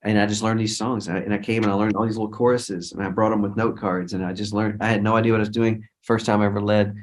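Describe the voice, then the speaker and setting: Low-voiced man telling a rambling story. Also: level tone, fast. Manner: rambling, repeats and restarts, quotes others in speech. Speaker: interview guest, worship leader. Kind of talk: casual storytelling interview.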